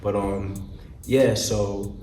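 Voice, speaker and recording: A man's voice: fairly low pitch, steady tone, very slow, background noise. A young man, a recording artist, telling stories in a casual interview with loose slang and frequent laughter. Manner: laid-back slangy storytelling, laughs often. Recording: echoey room with music playing.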